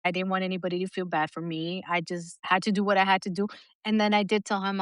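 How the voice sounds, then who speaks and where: A middle-aged woman talks frankly on her podcast, dropping curse words and laughing often. Her voice is recorded close and dry, with no room sound around it, and sits at an average pitch for a woman. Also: level tone, fast, smooth, no room sound. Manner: blunt and profane, with frequent laughter. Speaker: podcast co-host. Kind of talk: casual podcast chat.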